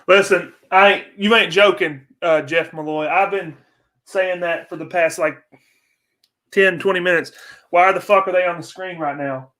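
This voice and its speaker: A young man hosts a casual livestream, chatting with his viewers. His voice sits high and sounds bright and sharp. He rants and swears in frustration between greetings to the people watching. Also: fairly even intonation, a little slow. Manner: ranting, profane, frustrated. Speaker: livestream host.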